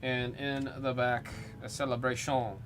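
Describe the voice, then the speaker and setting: This card-opening streamer has a mid-range, fairly bright voice with a flat, unhurried delivery and slight background noise. Music runs beneath him as he hosts the live break, rambling casually and announcing cards as they come out of the packs.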